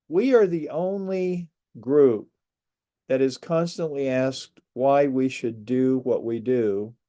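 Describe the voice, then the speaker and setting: A man giving an earnest, reflective presentation talk, speaking in a measured way with frequent pauses. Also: mid-range voice, mellow. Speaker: speaker on space migration. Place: lives outside a large US city.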